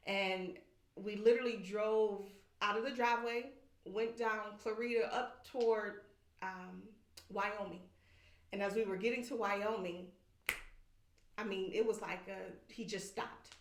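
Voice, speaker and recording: This guest takes her time, her mid-range voice unhurried as she openly relates an emotional episode and acts out quoted voices with animation. A little hiss or hum sits under the echoey room sound.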